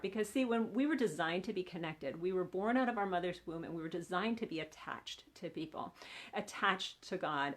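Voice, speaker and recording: Woman coach explaining relationships, earnest, asks questions as she teaches. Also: fairly low pitch. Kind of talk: teaching talk.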